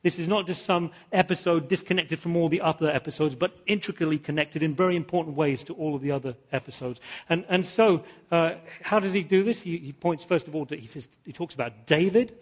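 A pastor preaching a sermon, animated, repeating phrases and asking the congregation questions. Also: male voice, on the high side, brisk, dull audio. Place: church.

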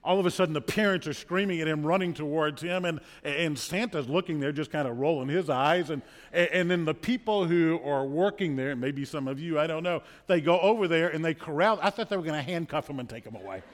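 Earnest preacher man, slightly high voice. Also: fairly quick, hardly any pauses. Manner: earnest, storytelling, repeats words when emphatic. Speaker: pastor. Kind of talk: sermon. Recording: long hall reverb.

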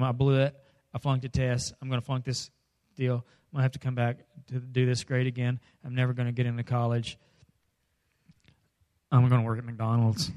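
Here a middle-aged preacher with a mid-range voice keeps his sermon light and funny. Acting out voices and little scenes, he abruptly shouts some lines before sliding back into simple narration.

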